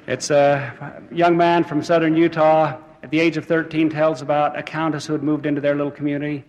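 A man's voice: fairly high pitch, level tone, a little fast, a little mellow, muffled recording. A man giving an earnest sermon to church brethren, urging them on with some fillers and restarts, with a long hall reverb. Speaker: church speaker.

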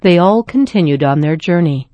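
A woman reading a children's story aloud in a gentle, even storytelling manner. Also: lowish voice, normal speed, no room sound. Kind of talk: scripted story narration.

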